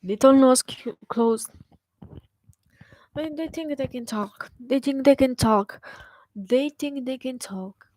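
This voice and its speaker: A woman's voice: high voice, slow pace, long pauses, darkish tone, no room sound, poor audio. Blunt, profane young woman ranting. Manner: blunt, profane and scornful, with emphatic repetition. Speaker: podcast host. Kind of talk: solo podcast rant. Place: bedroom with an open window.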